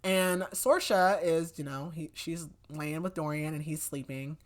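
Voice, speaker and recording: Low-voiced woman recapping a book casually. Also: a little slow. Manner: chatty, many "like" fillers, acts out quotes loosely. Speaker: podcast host.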